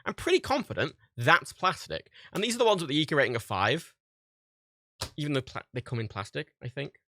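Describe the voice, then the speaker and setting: A man with a fairly high, sing-song, brisk voice that sounds pushed and bright chats casually on a livestream while packing orders. He rants, swears heavily and laughs often.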